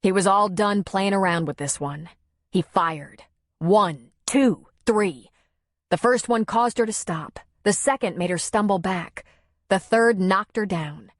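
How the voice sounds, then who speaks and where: A woman narrating a romance audiobook in a steady, expressive reading. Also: mid-range voice, a little slow, dry recording. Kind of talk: scripted narration. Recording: dry close studio sound.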